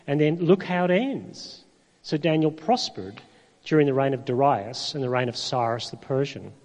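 Preacher in a reverberant hall. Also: male voice, medium pitch, expressive, darkish tone. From Northern Ireland. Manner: conversational, rhetorical questions, dramatic pauses. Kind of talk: sermon.

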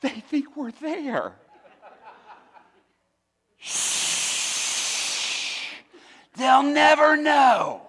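A man's voice: very high voice, big pitch swings, very slow, pauses often, a bit bright, heavily acted. A man voicing smug fish hiding under a boat, talking in a secretive, giggly way. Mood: sneaky.

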